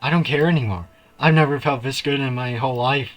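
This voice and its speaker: A man's voice: medium pitch, brisk, close to an everyday voice, poor audio. A man reading aloud the lines of an obsessive young woman confessing her love in a game, with an intense, pleading delivery.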